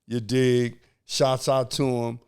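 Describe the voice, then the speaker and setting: A man hosting a podcast in casual chat, playful and teasing, breaking in with loud shout-outs. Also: medium pitch, level tone, slow pace, clean tone. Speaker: podcast host.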